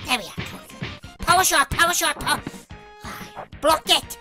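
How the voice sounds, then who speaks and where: A woman with a British accent commentating as she plays a video game, swearing constantly and shouting insults at her opponent. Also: sits high, lively intonation, moderate pace. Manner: foul-mouthed, shouting insults at the screen. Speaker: gamer. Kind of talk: let's play commentary. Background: game music.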